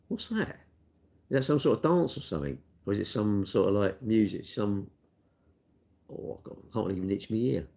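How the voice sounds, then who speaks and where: Gravelly older man, rambling. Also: fairly low pitch, darkish tone. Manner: rambling, self-deprecating, matey. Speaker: cake shop worker answering viewer questions. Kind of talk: casual chat.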